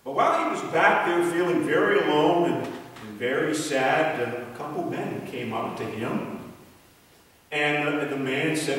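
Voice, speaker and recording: A man preaching a children's sermon, telling a story in an animated way and then praying. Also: on the high side, measured pace. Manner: animated storyteller, voice rising for quoted characters. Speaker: pastor. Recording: echoey hall from far off.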